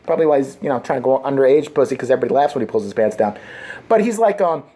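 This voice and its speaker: A woman's voice: extremely low pitch, lively intonation, racing, mellow. A woman vlogger delivering a crude, sarcastic comedic rant. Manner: crude, sarcastic, swings into mocking voices.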